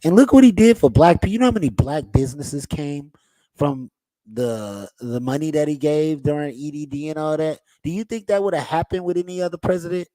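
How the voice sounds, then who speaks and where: A man hosting a podcast with a slightly high voice. He talks to his viewers in a casual, laid-back way. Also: a little fast, warm tone. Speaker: podcast host.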